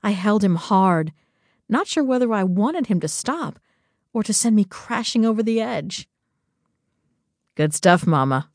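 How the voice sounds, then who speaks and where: A woman narrating a first-person story in a slow, intimate, measured reading on a close studio mic. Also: medium pitch, expressive, darkish tone, no room sound. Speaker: audiobook narrator.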